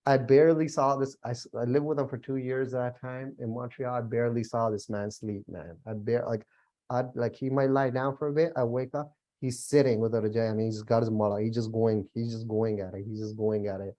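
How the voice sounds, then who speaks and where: Medium-pitched and brisk, a young man chats his way through an informal Gurbani class. Easygoing and talkative, he fills his speech with fillers and laughs readily.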